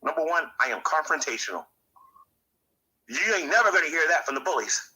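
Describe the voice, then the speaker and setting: A man's voice: fairly high pitch, big pitch swings, fairly quick, bright, forceful tone, rough recording. A man speaking bluntly and insistently to camera in a monologue.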